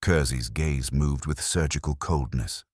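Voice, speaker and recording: A man's voice: a bass voice, a little slow, a little mellow, breathy edge, dry recording, clean studio sound. A man giving dramatic, scripted audiobook narration.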